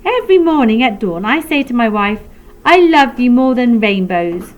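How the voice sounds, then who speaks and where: Prim fussy storybook dad, pompous and self-adoring, as a lady reads him out, talks up high and lively. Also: moderate pace, close to an everyday voice. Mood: doting.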